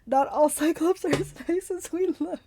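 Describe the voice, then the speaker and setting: A woman voicing a gentle, childlike young male cyclops who speaks simply and innocently. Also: very high voice, normal speed, no echo, voice pushed up.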